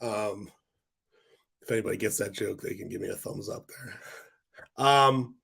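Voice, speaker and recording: A man hosting a casual stock market livestream, talking bluntly in a rant with quick asides to his viewers; his voice is hoarse and congested. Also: fairly low pitch, fairly bright tone. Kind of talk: casual livestream talk to chat.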